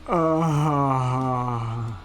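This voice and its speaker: A man's voice: mid-range voice, very slow, faint music behind. A man chatting casually with his live-stream chat, laid-back and swearing offhandedly.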